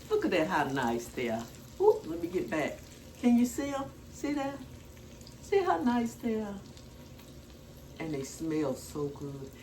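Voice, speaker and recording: A woman's voice: fairly low pitch, darkish tone, slight background noise. An older woman talking casually in a rambling, homespun way while cooking in her home kitchen. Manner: chatty, homespun, rambling asides. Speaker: cooking vlogger.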